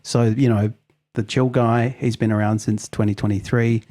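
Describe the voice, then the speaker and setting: A man co-hosting a podcast, reading out facts in a relaxed, conversational way. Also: medium pitch, moderate pace, no room sound, clean studio sound. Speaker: podcast co-host. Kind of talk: casual chat.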